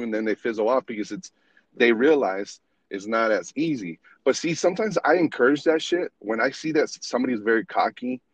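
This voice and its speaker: A man in a casual chat, blunt and laid-back, who curses often. The sound is dry and a little dull and lo-fi, with no room echo around it. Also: mid-range voice.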